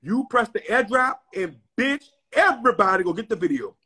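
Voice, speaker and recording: Loud husky man telling a wild story. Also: high-pitched, lively intonation, moderate pace. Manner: loud, dramatic, slangy, bursts into shouting. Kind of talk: animated storytelling rant.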